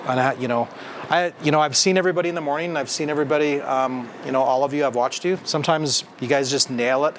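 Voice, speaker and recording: A man of medium pitch leads a training session for a service team in an indoor room. He talks in a lively, conversational way and keeps asking the group questions. A faint hum of background noise runs under his voice. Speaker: company president giving staff training.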